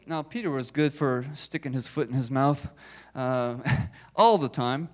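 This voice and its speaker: A man's voice: medium pitch, measured pace. A male pastor preaching a sermon, emphatic, with repeated rhetorical questions to the congregation.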